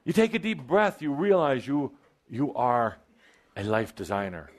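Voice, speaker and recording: Guy doing a channeled spiritual talk to a live crowd, teasing and theatrical, voice bouncing up and down a lot, mid pitch. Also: very animated, unhurried. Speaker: spiritual teacher addressing a live group.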